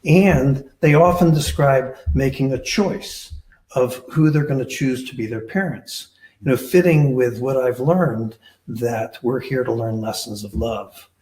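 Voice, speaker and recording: A man's voice: mid-range voice, measured pace, darkish tone. A man answering questions on a panel as a researcher, talking hesitantly with many filler sounds. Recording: echoey room.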